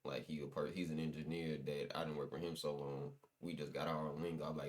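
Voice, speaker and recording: A man's voice: very deep voice, flat delivery, fast talker. A young man, a guest musician, telling stories in loose, slangy casual chat with lots of restarts.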